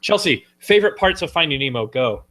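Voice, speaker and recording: Guy hosting a podcast, bright tone, goofy and playful, does little silly voices. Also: fairly high pitch, expressive, fairly quick. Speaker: podcast host. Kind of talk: casual podcast chat.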